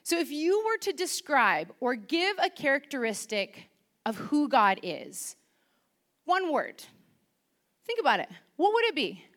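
A woman preaching a chatty, animated sermon, asking the congregation questions into a microphone. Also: high-pitched, unhurried.

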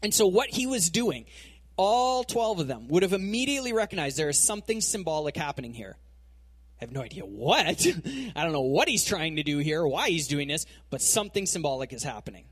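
Husky, casual man preaching. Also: fairly high pitch, a little fast. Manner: casual, animated storytelling with frequent fillers. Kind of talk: conversational sermon.

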